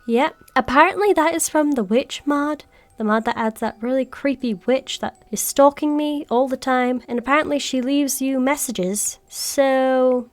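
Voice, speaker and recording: A woman giving chatty, excitable gameplay commentary, often squealing when startled. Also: high-pitched. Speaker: gaming video creator.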